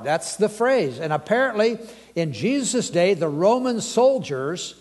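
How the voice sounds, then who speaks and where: A man's voice: sits high, very animated, unhurried, in a large hall. A man preaching a sermon as pastor, talking in a chatty way and putting questions to the congregation. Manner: conversational, asks the congregation questions. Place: church sanctuary.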